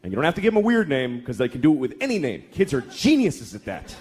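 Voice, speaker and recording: A man's voice: medium pitch, wildly swooping pitch, fast talker, a little mellow. A man in his thirties doing a stand-up comedy set, exasperated and profane, acting out little voices. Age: 30s. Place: comedy club stage with laughing audience. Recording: live club recording with crowd noise.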